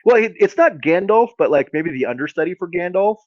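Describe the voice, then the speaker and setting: A man's voice: sits high, expressive, a little fast, dry recording, lo-fi sound. A man co-hosting a podcast, telling a comedic story in a rambling, casual way. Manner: rambling, lots of fillers and restarts. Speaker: podcast co-host.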